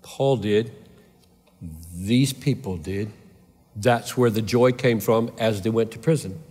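A male preacher delivers a fervent sermon at an unhurried, deliberate pace, leaning on repeated rhetorical questions. His mid-pitched voice carries a long hall reverb from a large auditorium. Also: darkish tone.

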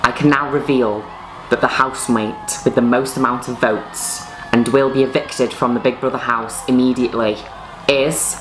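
A woman's voice: a bass voice, fairly even intonation, background noise. A woman doing a solemn TV show presenter. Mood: announcing. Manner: slow solemn announcing. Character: formal female reality-show presenter.

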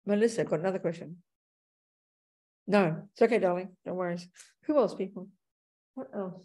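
A woman's voice: on the low side, moderate pace, mellow. A woman Buddhist teacher giving a dharma talk and answering audience questions, speaking frankly and calling people darling and sweetie.

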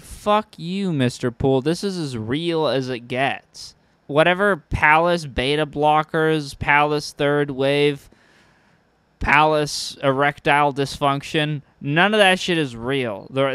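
A man's voice: a little high, a bit bright, smooth, no echo. A young man streaming, giving casual commentary that is profane, sardonic and rambling.

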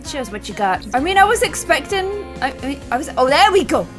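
A young woman from the United Kingdom chatting casually through a life-simulation game, bubbly and thinking aloud, with excited squeals. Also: high-pitched, fast talker, over music. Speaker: gaming video host. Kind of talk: casual let's-play commentary.

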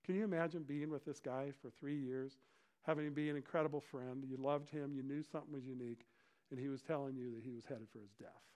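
A middle-aged male pastor delivers an animated sermon, frequently acting out the voices of crowds and disciples. He speaks quickly in a mid-range voice.

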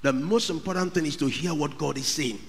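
A man preaching a sermon, rising to shouted peaks and dropping low again. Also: fairly quick, creaky. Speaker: pastor. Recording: long hall reverb.

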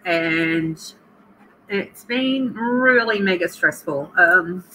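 A woman's voice: on the low side, animated, extremely slow, pushed and bright, slight background noise, rough recording. A middle-aged Australian woman hosting a livestream at home, chatting emotionally and greeting her viewers by name. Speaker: livestream host. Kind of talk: casual chat with live viewers.

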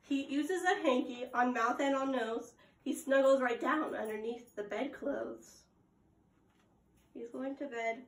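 A young adult woman teaching preschoolers at circle time, reading aloud and prompting them with gasps and questions. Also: high-pitched. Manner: slow, sing-song, exaggerated gasps and prompts to children. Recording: echoey room.

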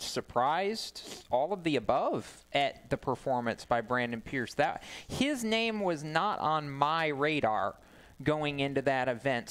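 A man co-hosting a motorsport radio show, chiming in with quick banter and dry, wry remarks, recorded in a radio studio. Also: medium pitch, a bit bright. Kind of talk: casual motorsport radio talk.

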